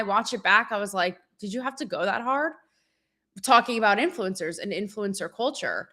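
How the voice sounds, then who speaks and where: A woman hosting her show, talking candidly in a profane, animated, rambling and self-mocking way. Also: on the high side. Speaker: show host. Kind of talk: candid livestream monologue.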